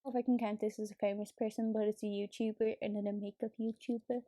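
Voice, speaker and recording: A woman's voice: mid-range voice, level tone, fast talker, mellow, dry recording. A woman chatting casually as a beauty vlogger while doing her makeup, full of fillers and easy swearing. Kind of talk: casual get-ready-with-me chat.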